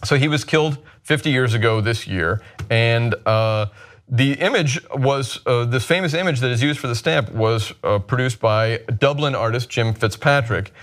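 A man's voice: medium pitch, normal speed, a bit bright. A man hosting a casual panel chat show, rambling with frequent restarts and asides. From United States. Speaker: host.

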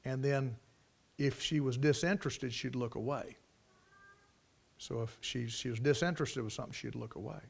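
A man preaching a sermon, moving from quiet storytelling to loud, emphatic preaching. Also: medium pitch, moderate pace, creaky, pauses often, slightly rough.

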